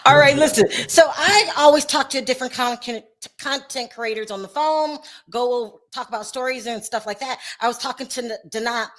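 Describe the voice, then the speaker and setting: A woman's voice: high-pitched, a little fast, hardly any pauses, fairly bright tone. A woman hosting a casual chat show, talking loosely and laughing often. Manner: chatty, laughs often, trails off. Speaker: host.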